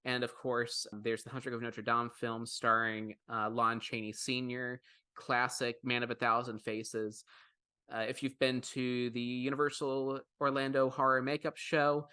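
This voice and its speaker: Upbeat guy rambling on a podcast, bright voice, dry close sound. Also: medium pitch, little pitch movement, measured pace, clean tone, no room sound. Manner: enthusiastic, rambling with restarts. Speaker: podcast co-host. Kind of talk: casual podcast chat.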